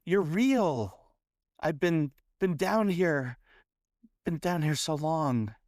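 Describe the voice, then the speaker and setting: A man's voice: medium pitch, expressive, slow, a little mellow, no room sound, studio quality. A man doing a terrified trapped sylph woman. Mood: desperate pleading. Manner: stammering, pleading, repeats herself. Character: frightened trapped female sylph, weepy, pleading.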